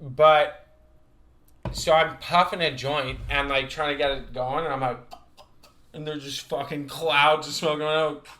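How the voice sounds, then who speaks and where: A young man co-hosting a podcast, telling animated stories in casual chat, swearing often and acting out the voices of people he quotes. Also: on the high side, unhurried. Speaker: podcast co-host.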